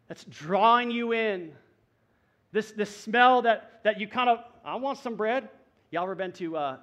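A man's voice: sits high, a bit bright. A male pastor, preaching a sermon in a conversational way with folksy asides to his church.

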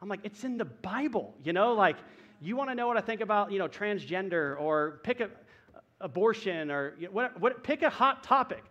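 High-voiced pastor preaching casually. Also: male voice, expressive, fairly quick, fairly bright tone, highs cut off. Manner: conversational preaching with folksy asides. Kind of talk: sermon.

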